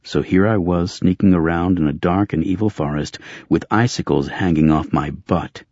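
A man with a very deep, husky, darkish voice narrates a first-person audiobook in a dry, gritty manner at a moderate pace. The recording sounds close and dead with no room sound, and it is a little dull and muffled.

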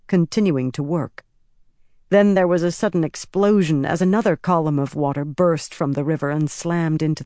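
A narrator reading a fantasy novel aloud in a measured, dramatic storytelling manner. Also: mid-range voice, dark tone, no room sound, clean studio sound. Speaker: audiobook narrator. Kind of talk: scripted fantasy audiobook narration.

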